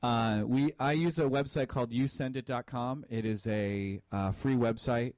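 A man's voice: mid-range voice, normal speed, a little mellow, dry recording. A man co-hosting an internet radio show, teasing his partner with dry humor and explaining things plainly. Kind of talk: casual banter on air.

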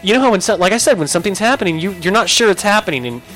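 A young man telling a comic story on a podcast, animated and profane, jumping into loud yelps when he acts out his own lines. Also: high voice, very fast, faint music behind.

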